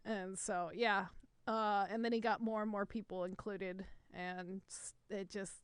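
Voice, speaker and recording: A woman's voice: mid-range voice, fairly even intonation, measured pace, clear, resonant tone, no echo. A woman co-hosting a gaming podcast, chatting casually with lots of fillers and swearing. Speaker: podcast co-host.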